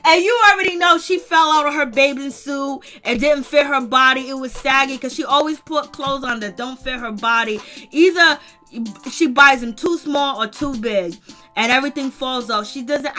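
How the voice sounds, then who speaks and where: A woman hosting a casual recap show, chatty and animated, often laughing and talking straight to her viewers. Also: high voice, normal speed, faint music behind. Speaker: host of a reality-show recap channel. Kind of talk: casual commentary.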